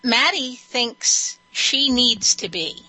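A woman's voice: a little high, expressive, slow pace, pushed and bright, husky, poor audio. A woman working as an animal communicator who speaks to a caller on a radio show in a matter-of-fact, assured way. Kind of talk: call-in radio consultation.

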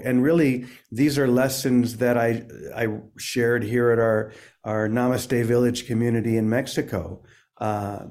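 A man who is a priest and author, talking gently and reflectively about faith, with many small restarts. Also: mid-range voice. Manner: gentle, searching, with frequent restarts. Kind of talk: reflective spiritual interview.

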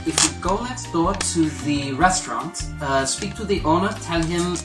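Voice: mid-range voice, moderate pace, over music, natural voice. Casting: the game master as a courteous young clerk, formal and sorry, roomy and distant. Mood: apologetic. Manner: apologetic and polite. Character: polite young laundromat clerk woman.

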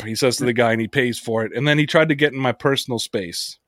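A man's voice: medium pitch, fast talker, dry recording, studio quality. A man hosting a podcast, telling a story in casual chat, swearing freely and acting out what others said. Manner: animated storyteller, swears freely, acts out quotes. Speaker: podcast host.

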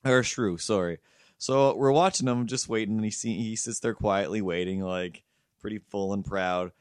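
A man's voice: on the low side, moderate pace, clear, resonant tone, no room sound, clean studio sound. A man hosting a podcast, telling a rambling, profane story in casual chat. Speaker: podcast host.

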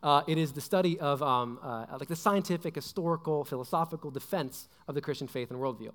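A man's voice: a little high, quick pace, a bit bright. A young adult man giving a casual sermon, chatty and full of fillers like "like" and "right?". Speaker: preacher. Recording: long hall reverb.

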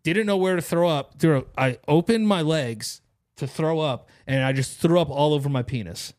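A man's voice: fairly high pitch, normal speed, a little mellow. A young man hosting a podcast, telling a long story in casual chat, rambling and profane with lots of slang. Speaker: podcast host.

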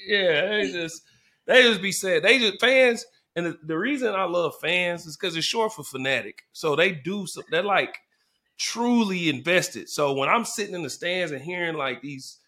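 A man's voice: sits high, normal speed. A man, a former football player, telling stories in casual sports talk and acting out the fans around him. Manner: animated storyteller, acts out fans in the stands.

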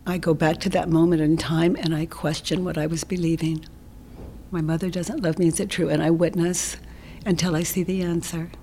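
A woman guest in an interview, explaining her ideas in a gentle, reflective way that often drops into a soft whisper. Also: deep voice, level tone, moderate pace, a little hiss or hum. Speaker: interview guest, self-inquiry teacher.

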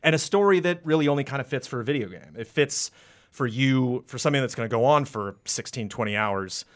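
A man in casual podcast chat, rambling and animated, acting out quotes with sudden jumps into a high voice. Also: brisk. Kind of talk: casual podcast chat about video games.

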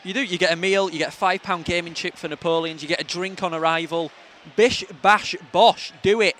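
A man's voice: a little high, flat delivery, fast, sharp tone. A young man co-hosting a casual football podcast, blunt, jokey and sweary. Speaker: podcast co-host.

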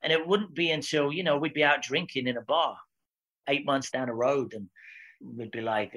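A man's voice: mid-range voice, fairly quick, rough recording. A Scottish man in his forties, a guest telling stories in a casual interview and laughing easily. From Scotland. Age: 40s. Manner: lively storyteller, laughs easily. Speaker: actor guest.

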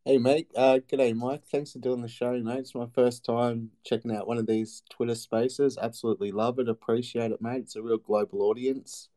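A man's voice: mid-range voice, flat delivery, normal speed, few pauses, dark tone. A man with an Australian accent calling in to a talk show, friendly and chatty. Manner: friendly, chatty, says mate a lot. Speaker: caller.

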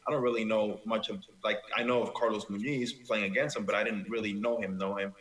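Mexican-american dude, lowish voice, amused storytelling, echoey room. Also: male voice, steady tone, quick pace, a bit bright. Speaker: professional baseball player, guest. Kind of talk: casual interview chat.

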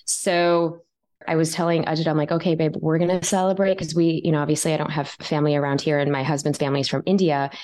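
A woman's voice: sits low, fast. A woman in her thirties, a guest author telling a story in a podcast interview, acting out the lines she quotes. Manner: animated, acts out her own quoted lines.

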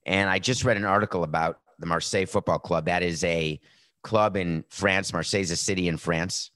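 A man's voice: sits low, a bit bright, no echo. A middle-aged man hosting a sports talk show, giving a brash, sarcastic monologue with a tired, sore voice. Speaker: podcast host.

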